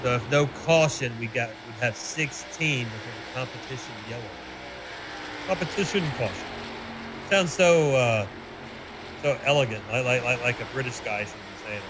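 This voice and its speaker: A man's voice: mid-range voice, normal speed. A man from Tennessee calling a sim race play-by-play, chatty and joking with his co-host. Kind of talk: sim racing broadcast commentary. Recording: steady background noise.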